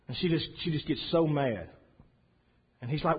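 A man preaching a sermon in a folksy, storytelling way, swinging from soft asides to loud emphasis. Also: a little high, animated, fairly quick, long pauses, husky. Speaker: pastor. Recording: dull lo-fi sound.

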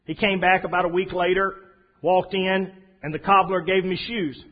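A middle-aged pastor preaches in a husky, rather high voice. He talks softly and haltingly, full of restarts, on a dull lo-fi recording. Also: little pitch movement. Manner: halting, with many fillers and restarts, soft and tender. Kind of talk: sermon.

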